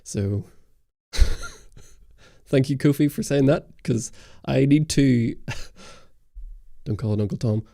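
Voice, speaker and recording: Give me a young man with a rough, gravelly voice, casually answering chat questions on a livestream. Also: mid-range voice, slow, pauses often, mellow, no echo, studio quality. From Ireland and Britain. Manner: casual, rambling, many ums and restarts. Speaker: camera channel host. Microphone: studio dynamic mic.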